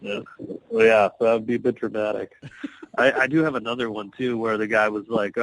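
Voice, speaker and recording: A man who is an actor guest on a podcast, telling stories in a relaxed, casual way and often laughing. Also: on the low side, fairly quick, no echo, low-quality recording. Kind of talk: casual interview storytelling.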